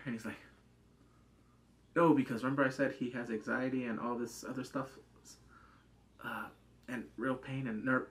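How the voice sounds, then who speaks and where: A man hosting his own channel, chatting casually through a drama review with lots of "like" fillers. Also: mid-range voice. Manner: animated, chatty, acts out scenes in put-on voices, many "like" fillers.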